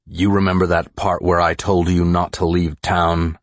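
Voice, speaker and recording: A gruff small-town sheriff, played by a male narrator, with a very deep, gravelly growl. He speaks slowly and threateningly, like a lawman who expects to be obeyed. The audiobook recording is dry and close. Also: little pitch movement, dry recording. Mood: menacing.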